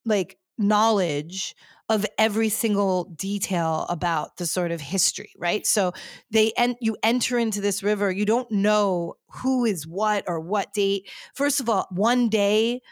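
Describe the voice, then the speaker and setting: A woman hosts a casual podcast and rants animatedly, her talk full of fillers. Her voice is mid-pitched and close, with a dry, dead sound. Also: measured pace, no echo. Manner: animated ranting, lots of "like" fillers. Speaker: podcast host. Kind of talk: casual chat.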